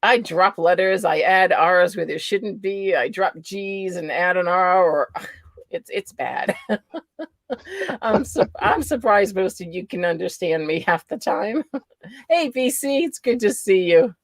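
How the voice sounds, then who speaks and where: A woman's voice: mid-range voice, animated, slow pace, no room sound. A woman with a New England accent hosting a livestream, chatting casually, greeting viewers by name and laughing often. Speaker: livestream host.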